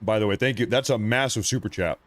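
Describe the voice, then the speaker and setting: A man's voice: on the low side, fast talker, dry recording. A man in his thirties hosting a live stream, chatting casually and rambling, often repeating himself.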